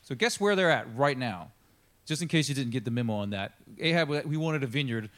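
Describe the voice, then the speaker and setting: A pastor telling a Bible story in a casual, chatty sermon. He is animated and acts out the characters in the story. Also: mid-range voice, a little fast. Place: church.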